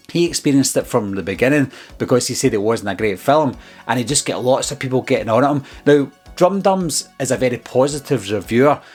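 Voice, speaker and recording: A male film reviewer talks straight to camera in an earnest, exasperated commentary about the people who troll him. His voice is mid-pitched with a husky edge. Soft background music plays beneath his talk. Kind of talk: casual commentary monologue. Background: faint background music.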